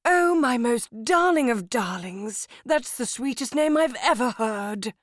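A man voicing a doting mother who gushes over her daughter in a soft, soppy way. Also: very high voice, expressive, a little slow, no room sound, clean studio sound, voice pushed up, full character voice. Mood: gushing. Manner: gushing, breathy and soppy.

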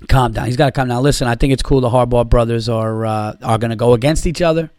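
A man hosting a podcast rants about sports in a casual, profane, sarcastic way. His voice sits in a middle pitch and sounds dry and close. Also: steady tone, quick pace, hardly any pauses, a little mellow, no room sound. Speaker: podcast host.

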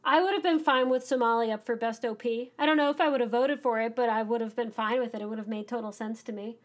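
Woman podcast co-host, high voice, excitable ranting delivery. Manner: enthusiastic, ranting, fast-moving. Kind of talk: casual podcast chat.

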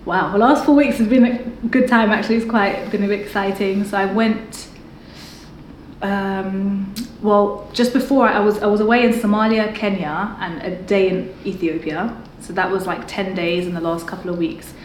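A young woman with a London accent, chatting as an interview guest, quick to laugh and lively. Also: mid-range voice, slight background noise. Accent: London English. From England. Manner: laughs often, animated storyteller. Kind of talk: casual interview chat. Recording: echoey room with faint music.

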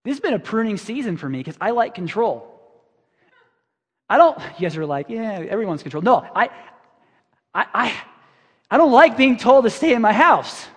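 A man's voice: sits high, very animated, moderate pace, pauses often, breathy edge. A middle-aged man preaching a sermon as pastor, conversational and self-deprecating, acting out his own prayers. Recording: reverberant church hall.

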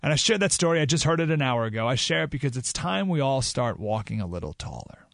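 A man hosting a talk radio show, telling stories in an animated, emphatic way. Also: medium pitch, fast talker, gravelly, dry recording, studio quality. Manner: animated storytelling, rising to excited emphasis. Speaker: radio host.

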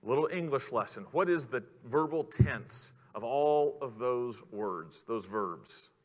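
Slow earnest male preacher in a hall. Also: mid-range voice, animated. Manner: earnest, rhetorical questions to the congregation. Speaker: pastor. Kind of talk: sermon. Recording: long hall reverb.

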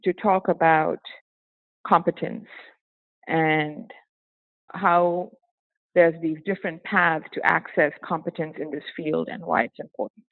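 A woman's voice: sits low, unhurried, long pauses, no echo. A woman from Singapore with a hybrid accent that carries a hint of British, talking animatedly as an interview guest and often laughing. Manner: animated, laughs often, breaks into acted quotes. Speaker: interview guest, former teacher. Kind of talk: casual interview conversation. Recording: tinny phone-like line, dry.

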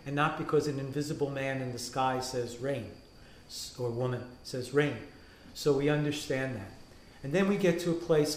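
A rabbi, a man, talking on a panel in an animated way and acting out the quotes he tells. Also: mid-range voice, slight background noise. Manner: animated storytelling, acts out quotes. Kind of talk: panel discussion talk. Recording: roomy echo.

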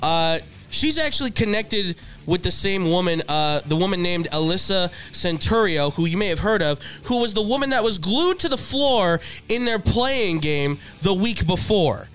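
A man co-hosting a casual sports podcast, rambling and animated, laughing often. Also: sits high, moderate pace, few pauses, faint music behind. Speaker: podcast co-host.

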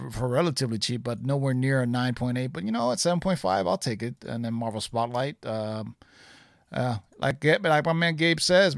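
A man's voice: mid-range voice, no echo. Man rambling casually with lots of um and uh, dry close-mic sound. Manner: rambling, many fillers and restarts. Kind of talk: casual chat about comics and movies.

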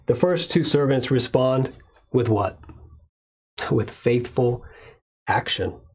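A man preaching a sermon with a husky, slightly breathy voice. He speaks at a measured pace and slows down to lean on key words. His pitch sits in the middle range for a man. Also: lively intonation, a little mellow. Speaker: pastor.

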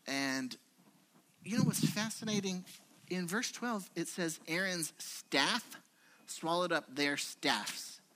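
A man preaching a conversational sermon in a church, telling stories and acting out quotes. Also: a little high. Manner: conversational, animated storytelling with acted-out quotes. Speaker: pastor.

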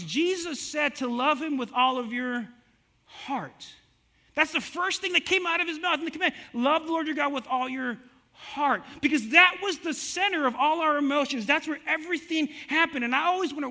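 A man's voice: very high voice, vocal fry, pushed and bright. A middle-aged man preaching a sermon in a chatty, repetitive way, often restarting and acting out quotes. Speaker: pastor.

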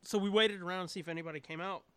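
A man's voice: sits high, racing, clean tone, no room sound. A man co-hosting a podcast, telling a neighborhood story in casual, profane chat and acting out the people in it. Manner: animated storyteller, swears often, acts out quotes. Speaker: podcast co-host.

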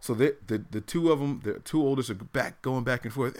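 A man's voice: mid-range voice, fairly quick, few pauses. A man in his thirties telling stories animatedly in a casual podcast chat, laughing often. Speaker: podcast co-host.

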